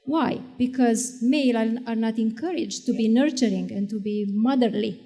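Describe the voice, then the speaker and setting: A woman on a discussion panel, a parent and educator, speaking in a measured, thoughtful way with frequent pauses and fillers. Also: on the high side, warm tone, in a large hall.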